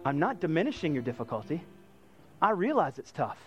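A man preaching a sermon in an animated way, acting out the quoted lines of the story. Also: on the high side, brisk, music in the background. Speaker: pastor.

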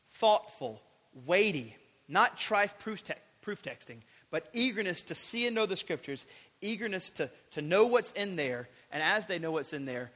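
A man's voice: on the high side, fairly bright tone, long reverb tail. A man preaching a sermon, earnest and emphatic, building points through repeated phrases.

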